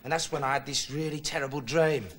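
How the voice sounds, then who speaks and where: An actor playing a dim, rambling young male TV investigator in a sketch comedy monologue, deadpan, jumping up high when he quotes people. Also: fast talker. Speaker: comic character monologue. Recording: noisy old TV recording with loud studio audience laughter. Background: studio audience laughing.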